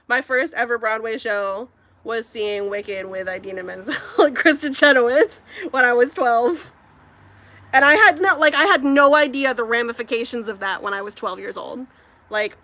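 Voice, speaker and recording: A woman's voice: fairly high pitch, fairly bright tone. Chatty young woman gushing casually. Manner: gushing, chatty, rambling with many fillers. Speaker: crochet vlogger. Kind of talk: casual chat while crafting.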